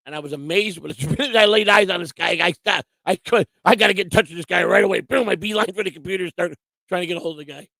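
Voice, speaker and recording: Rowdy livestream co-host, man, high pitched and gravelly, laughs and shouts constantly. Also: fast, no echo. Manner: loud, giddy, laughing, repetitive shouting. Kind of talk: rowdy casual livestream chat.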